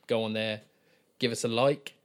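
A man's voice: mid-range voice, fairly even intonation, moderate pace. A man co-hosting a podcast, talking casually with blunt, sweary exasperation. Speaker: podcast co-host.

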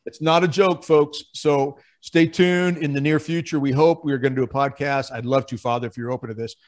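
A man's voice: on the high side, fairly even intonation, a little fast. A man hosting a podcast, talking with enthusiasm and rattling off long promotional lists. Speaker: podcast host.

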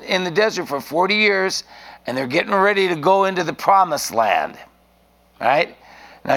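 A man's voice: sits high, vocal fry, pushed and bright. A man preaching an informal sermon in a rambling, folksy way, often restarting his sentences.

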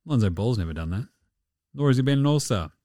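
A man talks basketball in loose, profane banter, rattling through numbers between jokes. His voice sits at an ordinary middle pitch. The recording is dry and close, with no room sound. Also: expressive, dark tone, no room sound. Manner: sweary, joking, rapid-fire stats. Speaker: basketball podcast host. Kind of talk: casual sports commentary.

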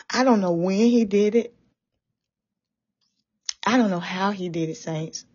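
A woman's voice: medium pitch, takes it slowly, a little mellow. A woman giving a fervent, tearful religious testimony about a dream, repeating herself as she talks. The recording sounds dull and lo-fi. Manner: fervent, repetitive, often tearful. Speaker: testifying believer.

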